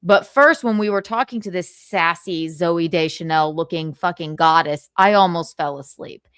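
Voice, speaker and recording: A woman livestream host telling a sassy, animated story in casual chat, laughing often. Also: fairly low pitch, moderate pace, smooth, no room sound, studio quality.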